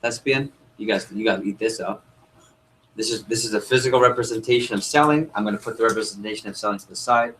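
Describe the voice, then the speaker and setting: Speaking quickly in a fairly low voice, a man leads group sales training, firing questions at the audience and role-playing customer exchanges with plenty of energy. The low-quality recording carries a faint hiss or hum.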